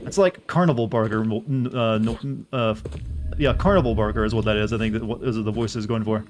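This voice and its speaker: A man's voice: medium pitch, brisk, a little mellow, faint music behind. Joking young man streaming a game. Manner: joking, rambling chat to viewers. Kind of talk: casual game-stream commentary.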